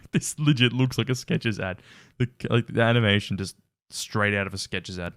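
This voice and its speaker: A man's voice: fairly low pitch, moderate pace, noisy background. A man hosting a casual reaction commentary, wry and incredulous, laughing often. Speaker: reaction video host.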